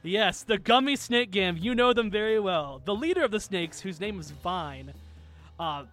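A woman narrating a tabletop game as game master, talking in a lively way and laughing often. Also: mid-range voice, moderate pace, soft background music.

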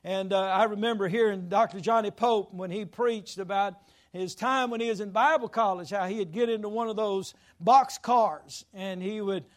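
Male pastor, high-pitched, folksy rambling sermon storyteller. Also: normal speed. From Louisiana. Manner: folksy, rambling storytelling with self-deprecating humor. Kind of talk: sermon told as a personal story.

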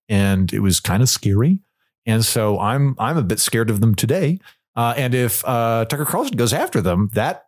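Animated storytelling man. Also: on the low side. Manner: animated, acts out other people's lines in quotes. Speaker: podcast guest. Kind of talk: casual storytelling chat.

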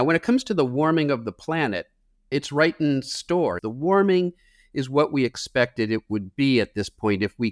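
A man's voice: on the low side, smooth, no room sound. Earnest explaining man, dry close sound. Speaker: climate scientist guest. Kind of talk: interview answer.

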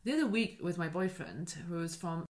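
A woman in casual conversation, lively and chatty, telling an anecdote with quick asides. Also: on the low side. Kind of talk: casual chat.

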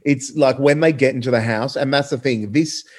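A man's voice: mid-range voice, moderate pace, breathy edge. Male co-host, eager, interrupts. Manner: enthusiastic, cuts in. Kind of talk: casual chat.

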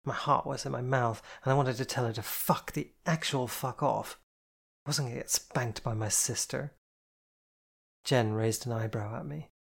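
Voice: mid-range voice, fairly even intonation, normal speed, gravelly. Spokojny lektor powieści. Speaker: audiobook narrator. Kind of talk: first-person novel narration.

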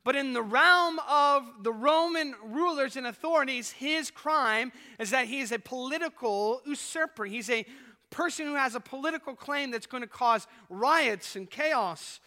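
A man's voice: extremely high pitch, a little slow, bright, forceful tone. A man preaching a sermon as pastor, earnest and swelling and dropping in volume as he retells a scene. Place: church sanctuary. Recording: echoey church hall.

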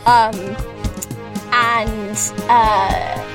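A woman's voice: fairly high pitch, unhurried. A woman narrating as game master of a tabletop game, rambling and hunting for words with lots of fillers. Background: music.

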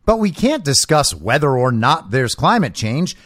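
A man's voice: medium pitch, sing-song, moderate pace, a bit bright, no room sound, studio quality. A man hosting a political commentary show, delivering an opinionated monologue in a sarcastic, mocking manner.

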